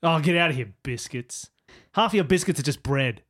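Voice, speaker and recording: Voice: medium pitch, expressive, brisk, a bit bright. An Australian-accented co-host chatting casually on a podcast, joking and mock-exasperated. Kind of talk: casual chat.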